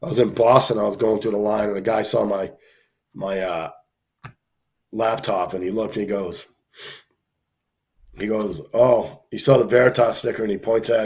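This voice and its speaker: A man with a lowish voice spins a casual story. He talks loosely, full of "you know" and "like", and jumps into the voices of the people he met. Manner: animated storyteller, acts out quoted people, frequent fillers. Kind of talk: casual anecdote telling.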